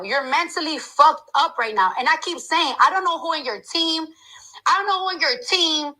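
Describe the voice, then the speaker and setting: A woman's voice: sits high, pushed and bright, poor audio. A woman in her thirties in a heated, profane, repetitive rant, filmed on a phone for a live video. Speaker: celebrity ranting online. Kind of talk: angry unscripted rant.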